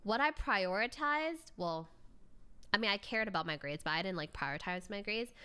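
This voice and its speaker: A woman's voice: medium pitch, expressive, moderate pace, pushed and bright, clear, resonant tone. A young adult woman streamer chatting casually, telling stories with frequent laughs and casual swearing. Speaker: streamer reacting to a video. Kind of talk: casual chat.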